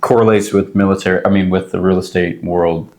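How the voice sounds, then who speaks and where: A man co-hosting a podcast, talking casually and relaxed, acting out remembered conversations in a raised voice. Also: low voice, brisk. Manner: relaxed, acts out quoted dialogue in a raised voice. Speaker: podcast co-host, real estate agent.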